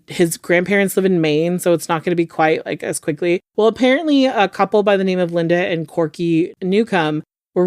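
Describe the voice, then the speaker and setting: A woman's voice: lowish voice, no echo, clean studio sound. A woman hosting a podcast, casually recapping a true-crime case, chatty and profane, full of filler words. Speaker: podcast host.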